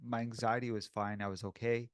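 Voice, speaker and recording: A man's voice: mid-range voice, level tone, brisk, no room sound. Candid man chatting, dry sound. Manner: casual and candid, says "bro" and "dude" often. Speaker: podcast co-host. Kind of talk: casual podcast chat.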